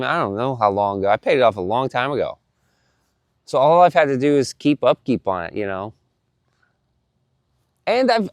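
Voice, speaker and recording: A man's voice: medium pitch, dry recording. Guy ranting about his day, lots of swearing, repeats stuff, dry sound. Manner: animated, profane, repeats himself. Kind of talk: casual storytelling to camera.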